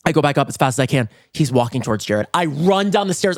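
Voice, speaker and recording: Animated man telling a comic story. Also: no room sound, studio quality. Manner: animated, rushes through lines, jumps to high squeals for quoted reactions. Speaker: comedy podcast host. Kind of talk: comedic storytelling monologue.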